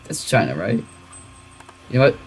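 A young man giving excitable, rambling commentary as he plays a computer game. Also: medium pitch, normal speed, husky. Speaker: gaming youtuber. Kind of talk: casual let's-play commentary.

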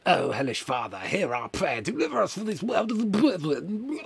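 A man's voice: high voice, very animated, moderate pace, creaky, husky, voice pushed up, full character voice. Man doing a pompous game cult preacher; raised, sweeping, declamatory. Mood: zealous. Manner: grandiose, declamatory. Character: pompous dark cult preacher, zealous and grandiose.

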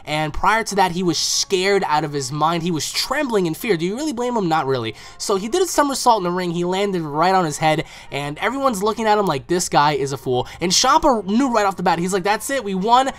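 A man hosting an online video, excitedly recapping an anime episode in casual, emphatic commentary. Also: high-pitched, brisk, hardly any pauses. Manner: excitable, emphatic, acts out characters' lines in quotes. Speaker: anime reaction channel host.

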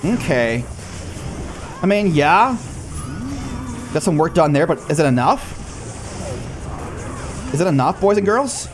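A young man gives lively live commentary on his gameplay, his slightly high voice swinging widely in pitch. He coaxes his cards, mocks himself and talks straight to his viewers. A faint music track plays behind him. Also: a little slow, pauses often. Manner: excitable, talks to the cards and the viewers, self-mocking. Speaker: gaming YouTuber.

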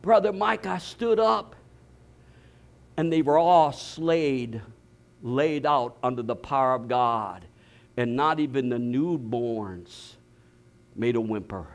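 An older man preaching a sermon, telling stories with bursts of shouting and laughter. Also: medium pitch, slow, pauses often. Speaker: pastor.

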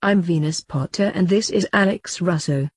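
A woman reading the lines of a kind, weary young witch girl, gentle and a bit glum. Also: on the low side, moderate pace, slightly rough, no room sound.

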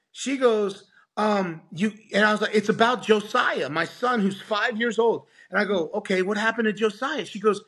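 Speaking in a high, husky voice at an unhurried pace, this man is a pastor sharing a testimony on a podcast. He tells it with animation, performing the quoted voices of the people in his story.

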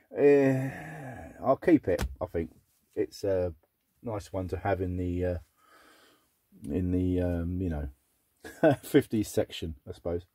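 A middle-aged man chatting casually as he sorts through a box of old records, muttering asides and breaking into excited exclamations. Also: lowish voice, no room sound, clean studio sound. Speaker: record collector vlogger. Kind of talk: casual unboxing chat.

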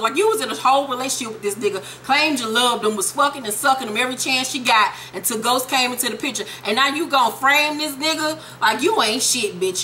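A young woman giving a profane, animated comedic recap of a TV episode and quoting the characters in quick voices. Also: a little high, a little hiss or hum. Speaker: TV show recapper.

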